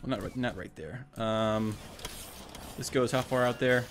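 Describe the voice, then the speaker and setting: Narrating his gameplay in a relaxed way, this man speaks a little slowly in a mid-range voice, with faint music behind him. As a let's play host, he reasons out loud, fixes his own slips, and talks to the robots he controls.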